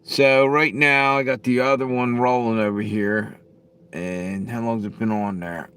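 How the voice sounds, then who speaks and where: A man's voice: medium pitch, level tone, a little slow, fairly bright tone, clear, resonant tone. A middle-aged man live-streaming, chatting casually with viewers in a blunt, profane, rambling way. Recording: faint background noise.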